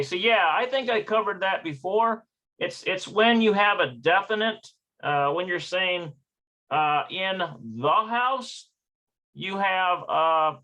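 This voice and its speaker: A man's voice: fairly high pitch, pushed and bright. A man working through a textbook lesson aloud, hesitant and self-correcting as he sounds out words. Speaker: language learner teaching from a textbook. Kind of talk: thinking-aloud study session.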